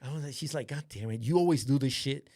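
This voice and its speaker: A man host casually telling a story to a friend, animated and swearing often, acting out what others said. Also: mid-range voice, quick pace, no echo, clean studio sound. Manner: animated, swears a lot, acts out quoted voices. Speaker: podcast host.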